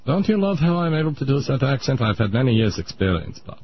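A man's voice: medium pitch, very animated, fast, a little hiss or hum, close to an everyday voice. A man voicing a pompous older Viennese psychiatrist in a radio comedy bit, lecturing in a thick mock-German accent. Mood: smug. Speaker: comedy sketch character. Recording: muffled radio broadcast.

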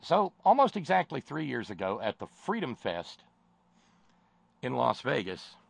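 A man's voice: mid-range voice, big pitch swings, measured pace, no room sound. A man hosting a political commentary show, sardonic and rambling in his delivery. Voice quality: gravelly. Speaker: host.

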